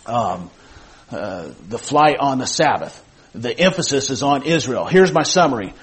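A man's voice: medium pitch, animated, measured pace, rough recording. A man teaching a Bible class, reading scripture aloud and asking the class questions, with many repeated points and fillers. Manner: reads scripture aloud in King James wording, repeats key points, asks the class questions.

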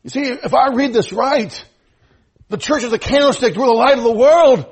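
A man preaching a sermon, swinging between loud fervent exhortation and hushed, low pleading. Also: normal speed, husky. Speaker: pastor.

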